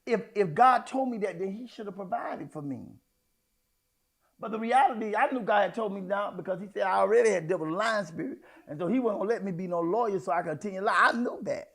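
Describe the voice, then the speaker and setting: High-voiced man preaching a lively sermon. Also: creaky. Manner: conversational preaching, swings between hushed asides and loud outbursts; folksy, addresses congregation as y'all, child, honey. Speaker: apostle preaching.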